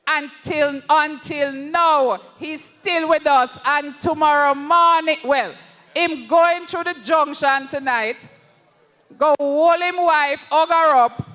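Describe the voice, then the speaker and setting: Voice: sits high, pushed and bright, long reverb tail. A speaker with a Jamaican accent giving an impassioned campaign rally speech, calling the crowd comrades and slipping into patois. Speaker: political candidate at a rally.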